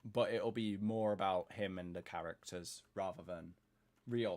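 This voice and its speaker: A man's voice: fairly low pitch, normal speed. A man chatting casually and rambling to himself while he builds in a game, thinking aloud to viewers.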